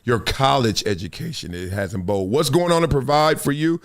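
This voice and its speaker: At a normal speed and in a mid-range voice, a middle-aged host from Compton, Los Angeles, runs a casual sports talk show. He tells stories with animation, reads viewer comments, and swings between loud and hushed.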